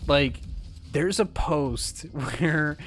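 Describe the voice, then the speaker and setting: A man's voice: a little high, drawn-out words, a little hiss or hum. Ranting, swearing man with a raised voice. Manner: ranting, swears often, mimics others in quotes. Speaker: streamer. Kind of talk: casual ranting chat.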